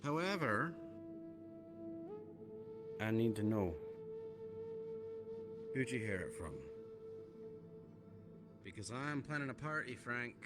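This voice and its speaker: A man roleplaying a gang leader on a live stream, questioning calmly and often murmuring agreement. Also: mid-range voice. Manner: calm, probing, drawn-out murmured agreement. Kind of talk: in-character roleplay dialogue. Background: background music.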